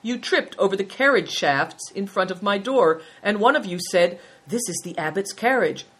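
A woman voicing a kindly, wise old male abbot who speaks calmly and benignly. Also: medium pitch, breathy edge, voice pushed up, rough recording. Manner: calm, benign, unhurried.

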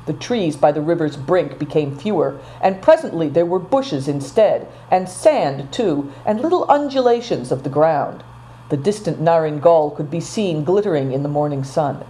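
A woman narrates a storybook in an expressive reading voice. Her voice is low and mellow. The pitch moves freely from line to line. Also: normal speed, rough recording. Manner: expressive, even-paced reading.

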